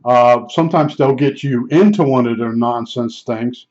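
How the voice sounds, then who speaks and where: A man's voice: mid-range voice, moderate pace, darkish tone. An older man telling long, rambling stories from his life in a chatty way, full of fillers and restarts. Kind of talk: casual storytelling. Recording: dull lo-fi recording.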